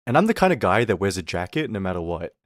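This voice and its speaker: A man's voice: deep voice, sing-song, fast, dry recording, studio quality. A man streaming, telling a story in a casual, exasperated rant full of swearing and laughter. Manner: profane, exasperated, often laughing.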